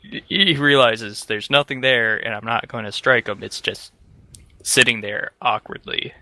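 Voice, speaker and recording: A man playing his character in a tabletop game, speaking hesitantly and playfully. His delivery is slow and his tone bright, with a dry close sound. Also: medium pitch, dry recording. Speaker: player. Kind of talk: tabletop role-play in character.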